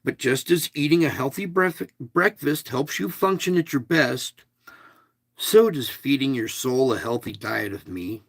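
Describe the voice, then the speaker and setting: A man's voice: medium pitch, expressive, unhurried, creaky, breathy edge, no room sound. A man hosting an online devotional, reading aloud with casual asides and stressing single words. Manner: casual, chatty.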